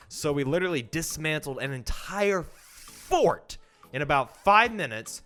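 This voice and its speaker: A young man telling a childhood story to camera in a casual, animated way. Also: measured pace. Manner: animated, acts out quoted voices with big pitch jumps. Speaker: vlogger.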